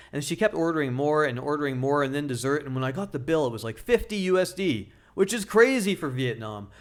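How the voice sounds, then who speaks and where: A man who works as a dating coach gives blunt, joking relationship advice in a casual vlog. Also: fairly high pitch.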